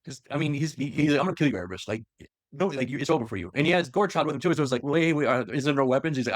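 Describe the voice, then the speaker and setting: A man's voice: medium pitch, very fast, no room sound, clean studio sound. A man casually retelling a long story to a co-host, acting out the lines with lots of fillers. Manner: animated, acts out quotes, frequent fillers. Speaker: podcast host retelling lore.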